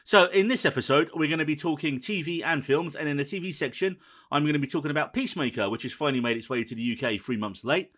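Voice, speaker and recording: A man hosting a film and TV podcast in casual chat, brisk and teasing as he runs through the rundown. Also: a little high, fairly bright tone. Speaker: podcast host.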